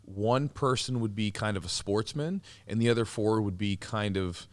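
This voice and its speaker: A man's voice: on the low side, moderate pace. A man hosting a podcast, telling stories casually with lots of fillers, restarts and laughter. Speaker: podcast host, former fighter. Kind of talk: casual storytelling chat.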